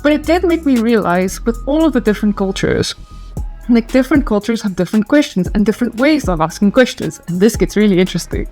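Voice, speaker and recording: A South African woman telling stories to camera in a chatty, animated way, laughing easily. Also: on the high side, quick pace, faint music behind. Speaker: storyteller and channel host. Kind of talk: casual storytelling to camera.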